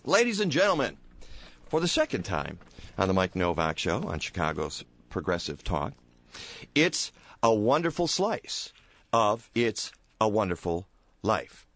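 A man hosting a radio talk show, hoarse and playful, joking with his co-host and callers in the studio. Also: fairly low pitch, huge pitch swings, a little slow, a bit bright, no echo. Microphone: studio microphone.

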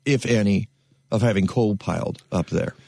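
A man hosting an interview, asking questions in an animated, wry manner. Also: lowish voice, normal speed, creaky, dry recording. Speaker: interview host. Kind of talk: conversational interview.

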